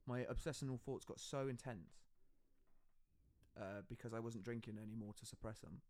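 A man's voice: medium pitch, moderate pace, darkish tone, dry recording. A man hosting a casual podcast conversation, talking openly and confidingly and acting out the dialogue he quotes. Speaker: podcast host.

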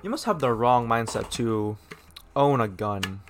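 A man's voice: mid-range voice, lively intonation, measured pace, slight background noise. A young American man hosting a casual solo podcast, reading a news story aloud and ranting bluntly with plenty of swearing and restarts. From United States. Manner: blunt and profane, with many restarts and mocking voices. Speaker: podcast host.

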